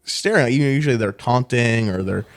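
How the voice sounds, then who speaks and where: A man's voice: mid-range voice, fairly quick. A man co-hosting a casual review podcast, animatedly retelling scenes. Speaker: podcast co-host.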